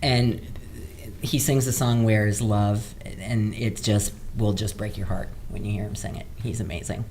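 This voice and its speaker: A woman's voice: very deep voice, fairly even intonation, normal speed, darkish tone, slight background noise. A middle-aged woman, an actress guest, chatting casually in an interview and laughing often.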